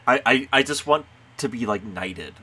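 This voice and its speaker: A male podcast co-host throwing in sarcastic, crude jokes during a casual chat. His voice is bright and forceful. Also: mid-range voice, animated, normal speed, a little hiss or hum.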